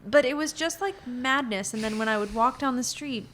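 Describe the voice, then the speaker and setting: A woman guest on a podcast, telling her story in a frank, animated conversational way and swearing casually. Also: fairly high pitch, brisk.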